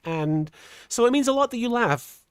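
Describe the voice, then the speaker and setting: A middle-aged woman streamer chatting casually while reading super chats, earnest and halting, with a softened feminine voice. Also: fairly high pitch, animated, clean tone, dry recording, studio quality. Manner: earnest, halting with many restarts; voice softened toward a feminine sound. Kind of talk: casual livestream chat.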